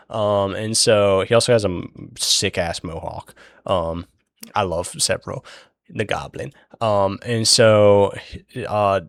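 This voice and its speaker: A young man with a low, gravelly voice retells a book's plot in a loose, rambling way. He swears freely and leans on filler words. The recording is dry and close. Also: no echo. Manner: rambling, profane, many fillers. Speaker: book recap host. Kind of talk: casual book recap.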